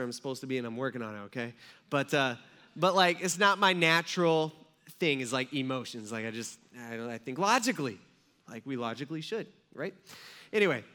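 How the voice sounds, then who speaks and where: Bright-voiced joking male pastor. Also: high voice. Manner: casual, joking storytelling with asides. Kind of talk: sermon.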